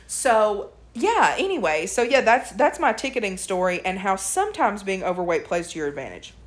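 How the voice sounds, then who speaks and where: A woman's voice: mid-range voice, moderate pace. A woman co-hosting a casual podcast, telling stories in a chatty way with quoted voices. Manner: chatty storyteller, animated retellings with quoted voices. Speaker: podcast co-host. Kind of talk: casual chat.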